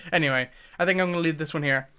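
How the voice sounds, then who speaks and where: A man's voice: on the high side, very fast, bright, forceful tone, clear, resonant tone. A man talking casually to the camera, thinking aloud with hesitations and frequent laughs. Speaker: YouTuber.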